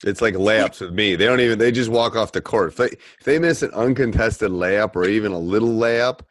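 A man's voice: fairly low pitch, brisk, no echo. A middle-aged man hosting a podcast, eagerly prompting his guest and repeating key points. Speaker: podcast host. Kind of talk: casual podcast interview.

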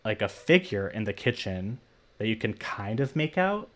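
A man's voice: fairly low pitch, big pitch swings, moderate pace, a bit bright. A young man casually recapping a horror movie plot on a podcast, filling his retelling with "like" and acting out the characters' lines. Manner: retells plot animatedly, heavy use of "like". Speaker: podcast co-host.

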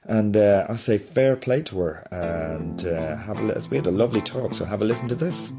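A man, hosting a comedy podcast and ranting in an exasperated, animated way. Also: lowish voice, moderate pace, over loud music. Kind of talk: comic rant.

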